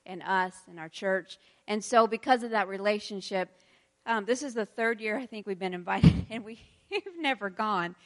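Woman in her thirties, pastor's wife, casual chatty preaching, quick laughs. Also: medium pitch. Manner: chatty, laughs often, leads prayer. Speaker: pastor's wife leading a church service. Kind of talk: casual sermon.

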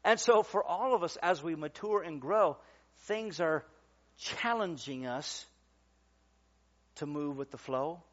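A man preaching a sermon, emphatic, rising loud and dropping quiet, calling out for amens. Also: fairly high pitch, animated, slow, pauses often, dull audio. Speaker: pastor.

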